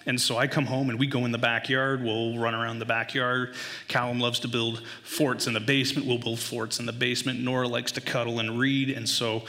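Bright-voiced man telling a funny story. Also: a little fast, long reverb tail. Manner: animated, voice jumps high when acting out panic. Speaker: father telling a story to an audience. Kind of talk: humorous personal storytelling.

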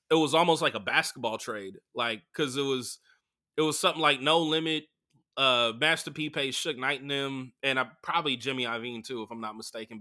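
A young adult man hosting a comedy podcast, telling crude stories in a loose, animated way full of fillers. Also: medium pitch. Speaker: podcast host. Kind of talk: casual comedic storytelling.

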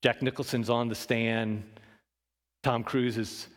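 Animated preacher in a reverberant hall. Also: male voice, takes it slowly. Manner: animated, swings from loud emphasis to hushed low lines; talks with the congregation, asks them questions. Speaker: pastor. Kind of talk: sermon.

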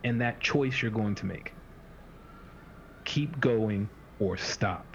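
Rambling man coach, low voice, lo-fi. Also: slow pace, creaky. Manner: rambling, acts out clients' inner voices. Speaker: fitness coach. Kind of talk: casual podcast chat. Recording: dull lo-fi sound with faint hiss.

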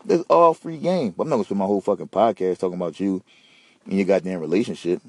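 A man hosting a podcast, ranting and telling stories in a slangy, profane, animated way. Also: low voice, quick pace, dry recording. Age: adult. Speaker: podcast host. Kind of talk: casual solo podcast rant.

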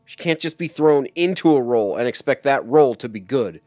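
A man's voice: medium pitch, expressive, a little fast, darkish tone, no room sound, studio quality. A young man co-hosting a casual podcast, blunt and grumbling, with heavy swearing. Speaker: podcast co-host.

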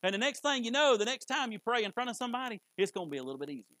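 A man preaching in a high, bright-edged voice, folksy and conversational, now and then jumping into loud bursts. The sound is close and dry, with little room around it. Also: very animated, racing, no room sound, low-quality recording. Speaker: pastor. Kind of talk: sermon. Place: church sanctuary.

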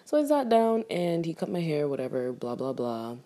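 A young woman telling a casual storytime rant to camera, animated and exasperated, swearing freely. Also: low-pitched, normal speed. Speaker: vlogger.

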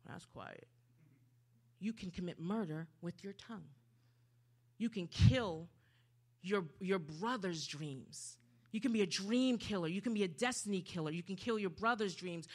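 A woman preacher giving a sermon, swinging dramatically from hushed to loud. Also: mid-range voice.

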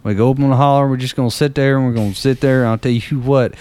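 A man's voice: a little high, a little fast, mellow, close to an everyday voice. A man putting on the voice of a rowdy rural redneck who rambles, swears and blusters threats. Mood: boastful.

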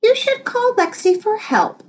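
A woman voicing a cheerful, gushing female teacher in an audiobook, lifting into a high, sugary tone. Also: very animated, a little slow, a little hiss or hum, heavily acted. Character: sweet, cheerful female schoolteacher. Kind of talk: audiobook character voice.

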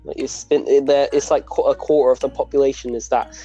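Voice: mid-range voice, steady tone, quick pace, warm tone, breathy edge, muffled recording, faint music behind. A young podcast co-host in casual, crude banter with friends. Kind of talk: casual chat.

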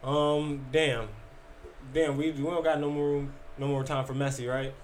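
A man with a high-pitched voice, co-hosting a casual podcast. He tells stories in an animated way, swearing and acting out what people said. There is a faint hiss of noise behind him. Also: normal speed. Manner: animated, swearing, acts out quotes loudly. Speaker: podcast co-host. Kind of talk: casual storytelling chat.

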